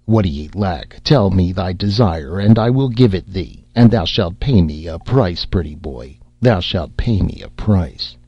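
Storybook witch, sly and secretive, a man reading her, low husky voice, dull lo-fi sound. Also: animated, a little slow, hardly any pauses, no echo, full character voice. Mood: coaxing. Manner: coaxing, muttering, secretive. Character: scheming sly female sea witch. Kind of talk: audiobook character reading. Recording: slightly dull lo-fi audio.

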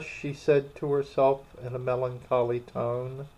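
A man narrating a storybook in a slow, expressive reading. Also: mid-range voice. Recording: dull lo-fi recording.

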